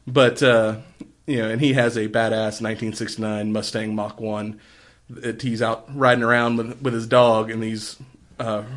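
A man in casual chat, rambling through a movie plot with many fillers and quick acted-out quotes. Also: medium pitch, a bit bright. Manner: rambling, retells scenes with quick put-on voices.

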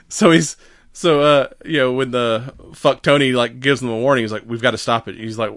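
A man co-hosting a podcast, rambling through a casual recap with frequent laughs and quick acted-out lines. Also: medium pitch, fairly bright tone, no echo, studio quality. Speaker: podcast co-host. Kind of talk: casual chat recapping a comedy series.

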